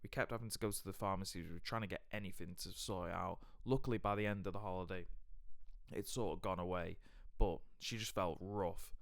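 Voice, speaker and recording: In a deep, clean voice captured with studio quality and no room sound, a young podcast co-host spins loose, talkative travel tales. He keeps restarting as he goes, in typical casual podcast storytelling.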